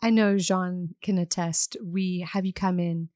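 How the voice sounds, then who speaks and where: A woman's voice: lowish voice, steady tone, unhurried, warm tone, dry recording, clean studio sound. A woman hosting a college podcast, chatting casually with her guest and laughing often. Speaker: podcast host. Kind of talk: casual interview chat.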